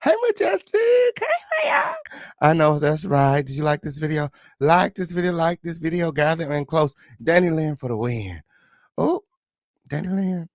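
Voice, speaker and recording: A man hosting a casual livestream, greeting viewers with flamboyant, sing-song shout-outs and sassy, profane chatter. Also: fairly high pitch, normal speed, no room sound, studio quality. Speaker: livestream host.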